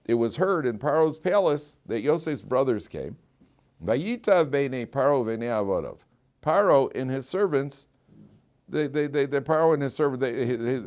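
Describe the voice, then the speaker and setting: In an animated Torah lecture, a mid-range-voiced rabbi weaves in stories and performs the lines he quotes. Frequent restarts and bursts of laughter punctuate his teaching.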